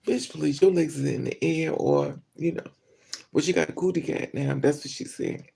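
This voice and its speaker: Woman vlogger, husky gravelly voice, profane and gossipy, animated storytelling. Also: low-pitched, normal speed. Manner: animated, laughs often between remarks. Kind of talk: casual vlog monologue.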